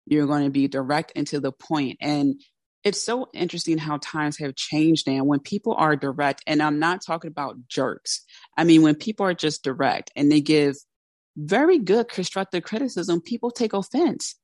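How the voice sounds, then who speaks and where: A woman's voice: sits low, moderate pace, darkish tone, no echo, clean studio sound. A woman hosting a motivational podcast who coaches listeners in a direct, candid, conversational way. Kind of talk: motivational solo talk.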